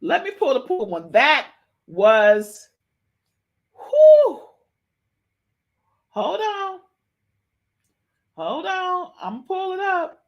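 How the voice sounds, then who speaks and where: A woman hosting a livestream podcast, reacting excitedly, repeating herself and talking to her chat. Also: high voice, takes it slowly, pauses often, lo-fi sound. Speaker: podcast host. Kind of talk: livestream gossip commentary.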